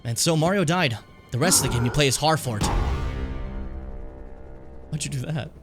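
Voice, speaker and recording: A man's voice: a little high, moderate pace, over music. A young man streaming a video game, rambling casually and swearing often. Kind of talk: let's play commentary.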